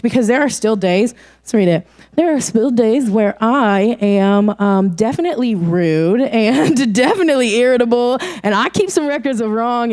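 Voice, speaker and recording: Young woman, youth speaker, light higher voice, chatty informal delivery. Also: darkish tone. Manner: chatty and informal, laughs often. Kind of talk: casual youth sermon.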